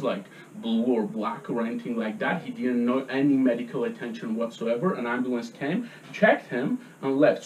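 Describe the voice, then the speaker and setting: A resident at a public meeting delivers a heated comment, his medium-pitched voice agitated as he keeps driving his points home with "okay?". The recording is distant and echoey, with the highs cut off and a little background noise.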